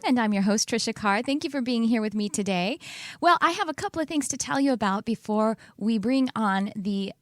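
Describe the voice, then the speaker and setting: A woman's voice: on the high side, animated, fairly quick, no room sound, clean studio sound, soft background music. A woman hosting a spiritual podcast in a casual, chatty way, rambling and often laughing at herself. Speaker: podcast host.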